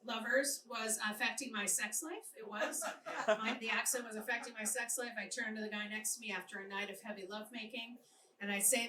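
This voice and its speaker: A woman's voice: mid-range voice, a little fast. A middle-aged woman from Boston with a Boston accent, doing a brash, bawdy live stand-up routine and working the crowd. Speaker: stand-up comedian. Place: comedy club stage before a live audience. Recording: echoey club recorded from far off, loud crowd noise. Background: audience laughter and applause.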